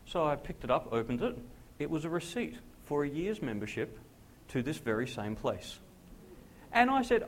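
A man, a pastor telling a personal testimony in a sermon, acting out the dialogue with lively jumps in his voice. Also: moderate pace, slight background noise. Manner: animated storyteller who acts out dialogue with big pitch jumps.

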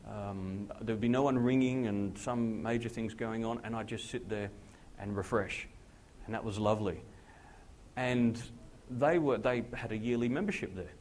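A man, a pastor telling a personal testimony in a sermon, acting out the dialogue with lively jumps in his voice. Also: moderate pace, slight background noise. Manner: animated storyteller who acts out dialogue with big pitch jumps.

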